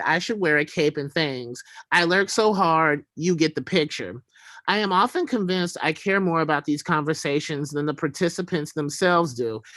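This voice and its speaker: A man reading his own prose aloud in a wry, deadpan way. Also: fairly high pitch, no echo. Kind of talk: literary reading.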